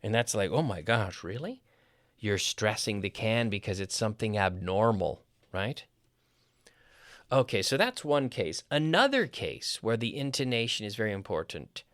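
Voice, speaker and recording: A man's voice: on the low side, animated, a little slow, fairly bright tone, no room sound. A man teaching a lesson on a podcast, explaining with repeated spoken examples and rhythm drills. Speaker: English teacher.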